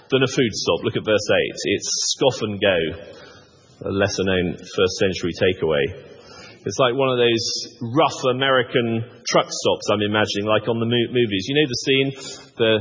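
A man's voice: mid-range voice, a bit bright, slightly rough. A man preaching a sermon, with wry, self-deprecating humor and frequent restarts. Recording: muffled sound with long hall reverb.

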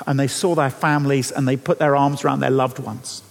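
A man's voice: mid-range voice, level tone, gravelly. Earnest preacher man in a reverberant church. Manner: earnest, halting with repeated restarts. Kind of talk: sermon. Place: church hall.

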